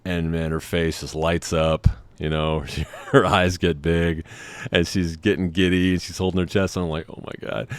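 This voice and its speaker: A man's voice: low voice, normal speed, clear, resonant tone, dry recording. A man casually telling a personal story, acting out the scenes and swearing freely. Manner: animated, acts out the scene in quotes, swears freely. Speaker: channel host.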